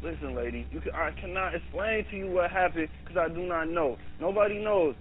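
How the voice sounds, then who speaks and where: A man presses a dispatcher for help, his voice high, insistent and exasperated. He comes through a tinny, lightly noisy phone line. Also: fairly quick. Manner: insistent, exasperated, pleading for police. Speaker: caller. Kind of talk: urgent emergency call.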